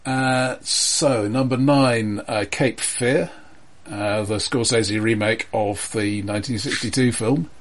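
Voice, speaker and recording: A man co-hosting a casual film chat, presenting a chart in a measured, hesitant way with many fillers. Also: mid-range voice, steady tone. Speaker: podcast co-host presenting a chart.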